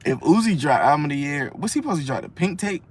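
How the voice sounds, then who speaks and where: A man's voice: on the high side, lively intonation, fast talker, a little hiss or hum. Slangy rambling man reviewing albums. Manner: rambling, slangy, frequent restarts and fillers. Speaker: music reviewer. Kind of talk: casual album review monologue.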